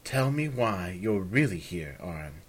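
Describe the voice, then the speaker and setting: Brief: fiery, demanding young woman, clipped and sharp, voiced by a husky-voiced man. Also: deep voice, big pitch swings, unhurried, full character voice. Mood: indignant.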